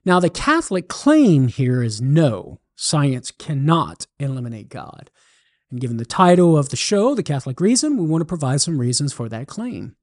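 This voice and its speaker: A man with a Cajun accent hosts a radio talk and explains ideas in a teacherly manner. His pitch rises and falls a lot as he goes. He sounds ready to spin a story at any moment. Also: big pitch swings, normal speed, a little mellow. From southern Louisiana. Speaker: radio host and Catholic apologist.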